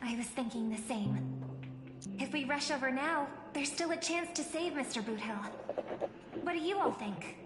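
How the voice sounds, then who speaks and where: An earnest young heroine from a video game, played by an actress speaks in a high voice. Her lines ring with reverb over a loud music score. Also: moderate pace, lightly acted.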